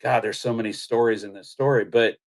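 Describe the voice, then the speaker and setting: Animated middle-aged man telling stories. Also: medium pitch, a little fast. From Missouri. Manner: animated anecdote-telling, acts out quotes, laughs. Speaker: guest, country singer. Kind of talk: casual storytelling interview.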